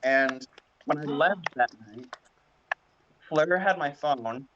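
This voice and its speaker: Rambling drag performer telling stories. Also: male voice, a little high, takes it slowly. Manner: rambling, animated, acts out quoted voices loudly. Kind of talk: casual storytelling on a livestream. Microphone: video call. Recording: dull lo-fi sound with clear background noise.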